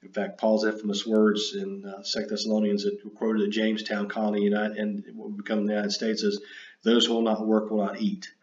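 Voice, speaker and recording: Low-voiced man lecturing in an echoey room. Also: monotone. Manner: halting, many fillers and self-corrections. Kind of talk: unscripted recorded lecture. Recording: dull roomy recording.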